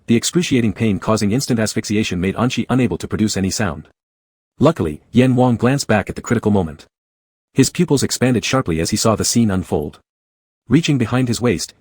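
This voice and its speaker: Husky low-voiced male narrator. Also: darkish tone, no room sound. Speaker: audiobook narrator. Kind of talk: scripted narration.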